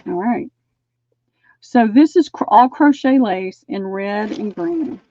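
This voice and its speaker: A woman hosting a live-stream sale, chatting and describing lace items slowly. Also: a little high, lively intonation, warm tone, dry recording, dull audio.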